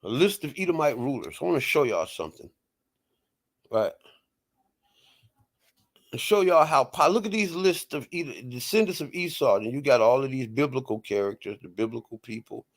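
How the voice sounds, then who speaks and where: A man's voice: mid-range voice, expressive, moderate pace, pauses often. A man hosting an online show, reading aloud and arguing heatedly, repeating "right?" and "people" as he pushes his point. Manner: emphatic, repeats "right?" and "people", rising to loud outbursts. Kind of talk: heated casual commentary reading from screen.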